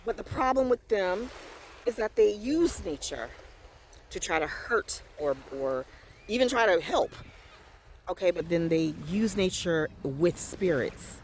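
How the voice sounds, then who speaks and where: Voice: mid-range voice, expressive, a little slow, slight background noise. A vlogger talking casually about faith and dreams outdoors by the water, rambling and emphatic, full of fillers and restarts, recorded on a handheld phone. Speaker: vlogger sharing faith experiences. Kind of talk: casual faith talk vlog.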